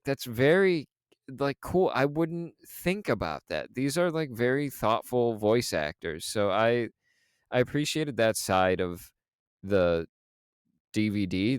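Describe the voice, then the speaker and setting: A male podcast co-host talks in loose, rambling stretches full of fillers. His voice sits a little low and sounds smooth. The recording is dry and close, with no room sound. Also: dry recording. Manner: rambling, filler-heavy storytelling. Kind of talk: casual chat.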